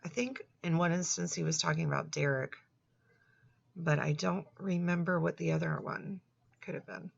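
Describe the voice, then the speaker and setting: A woman's voice: lowish voice, normal speed, gravelly, slightly rough. A woman giving comic, sardonic commentary on a chat log, with laughing asides, on a dull lo-fi recording.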